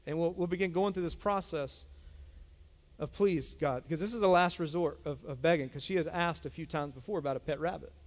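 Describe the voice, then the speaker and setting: In a church sanctuary full of long hall reverb, a middle-aged pastor delivers a forceful sermon, repeating himself and calling out to the congregation. He speaks briskly in a slightly high voice.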